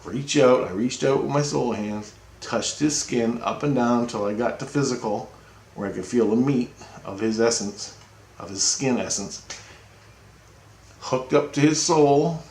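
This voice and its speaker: Man, mid-pitch, loose profane storyteller; roomy echo on the recording. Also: a little slow, pauses often. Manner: rambling, profane, excitable retelling with acted quotes. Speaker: storyteller recounting a personal experience. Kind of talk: casual spoken story.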